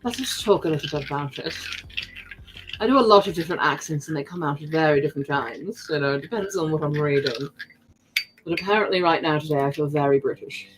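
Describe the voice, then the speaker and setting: A woman's voice: deep voice, fast, background noise. A young woman chatting casually with her stream viewers while she works on a craft project, reading chat aloud as she goes.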